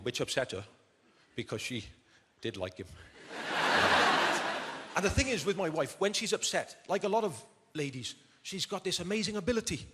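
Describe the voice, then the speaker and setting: A man's voice: fairly high pitch, lively intonation, moderate pace, in a large hall, background noise. A male comedian and ventriloquist telling anecdotes in a chatty stand-up style on a large theatre stage, recorded live.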